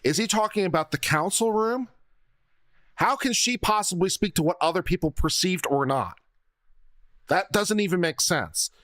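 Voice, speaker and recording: A man's voice: high-pitched, lively intonation, normal speed, a bit bright. A man commenting on a legal deposition video in a blunt, exasperated, lecturing way.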